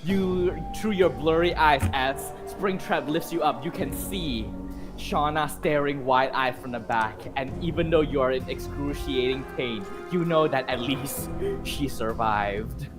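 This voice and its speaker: A man's voice: mid-range voice, unhurried, over music. Man narrating a gruesome horror game. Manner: vivid gory narration with asides. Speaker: game master.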